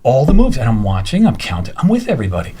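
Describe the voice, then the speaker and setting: Lively man telling an animated story. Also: quick pace, slightly rough. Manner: acts out quotes with big pitch jumps.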